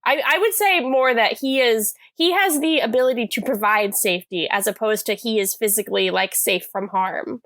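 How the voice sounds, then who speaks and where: A woman's voice: a little high, moderate pace, hardly any pauses, a bit bright, dry recording. A woman co-hosting a podcast, chatting casually as she recaps a TV episode, rambling with lots of fillers and self-corrections. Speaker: podcast co-host.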